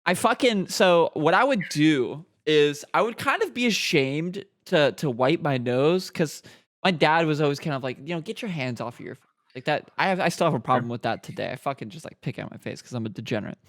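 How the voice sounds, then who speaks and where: A young man co-hosting a podcast, telling a story in animated casual chat and swearing often. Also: a little high, fairly quick, no room sound, clean studio sound. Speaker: podcast co-host.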